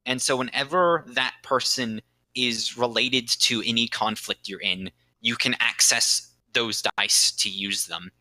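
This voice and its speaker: Bright-voiced man explaining game rules. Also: medium pitch, measured pace, dry recording, rough recording. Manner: explanatory, many fillers, bursts of emphasis. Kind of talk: casual podcast rules explanation.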